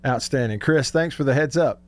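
A man hosting a sports talk radio show, telling stories excitedly and laughing often. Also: mid-range voice, a little fast.

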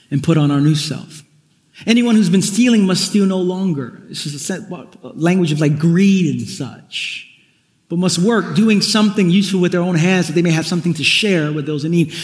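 High-voiced pastor preaching in an echoey hall. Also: male voice. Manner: conversational preaching with wry asides and repeated restarts. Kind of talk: sermon. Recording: echoey hall, long reverb.

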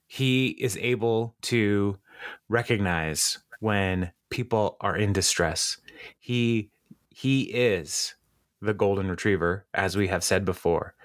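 With a lowish voice and a slow pace, this podcast co-host rambles through a casual TV episode recap, laughing often and saying um and uh a lot. It's studio-quality audio with no echo.

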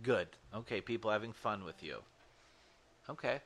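Lively, bright-voiced man hosting a family chat. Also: lowish voice, moderate pace, a little hiss or hum. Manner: joking, playful swearing. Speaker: family vlog host.

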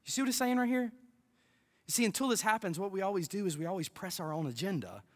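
A man's voice: sits high, lively intonation, fast. A man pastor preaching a sermon, emphatic and asking the congregation rhetorical questions.

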